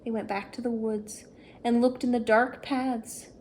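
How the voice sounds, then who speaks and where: A woman reading a children's picture book aloud, gentle and steady. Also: on the high side, a little hiss or hum. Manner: slow, gentle storytime reading. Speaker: storyteller. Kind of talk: children's read-aloud story.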